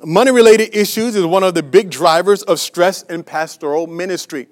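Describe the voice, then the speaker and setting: A man's voice: high-pitched, moderate pace. A man preaching a sermon as a pastor, emphatic and repetitive, with many restarts and fillers, asking the congregation rhetorical questions.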